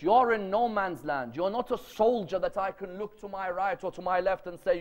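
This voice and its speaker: Emphatic high-voiced male preacher. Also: animated, normal speed, hardly any pauses. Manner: emphatic, rhetorical questions, storytelling. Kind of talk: religious lecture to a live audience. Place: lecture gathering.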